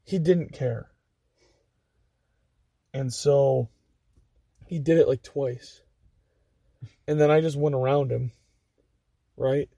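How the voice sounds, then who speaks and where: A man's voice: medium pitch, slow pace, gravelly, pauses often, no echo. A young man telling casual, profane stories as a podcast guest, acting out what people said. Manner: profane, animated anecdote teller acting out quotes. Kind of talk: casual storytelling.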